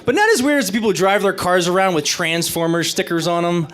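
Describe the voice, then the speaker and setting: On stage, a young man performs a stand-up comedy set with a high-pitched voice at a quick pace, landing dry punchlines between lively bits.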